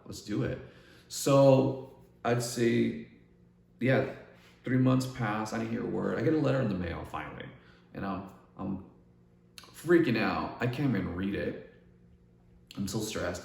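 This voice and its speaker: A man's voice: deep voice, vocal fry, slight background noise. A middle-aged man casually telling a long personal story, rambling with restarts and acting out what others said. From Northern California. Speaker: artist vlogger. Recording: echoey room, mic at a distance, faint ambience.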